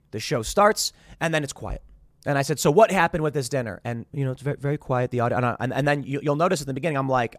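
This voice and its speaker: Male podcast host in his thirties, higher voice, close dry sound, rambling with restarts. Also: no echo. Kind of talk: casual commentary.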